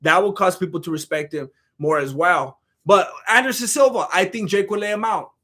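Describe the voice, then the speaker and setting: A man's voice: high voice, moderate pace, bright, forceful tone. A young man giving casual, slangy fight commentary as a channel host, repeating himself as he works up to his points. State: throat giving out. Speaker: YouTube MMA commentator. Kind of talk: casual commentary reading chat.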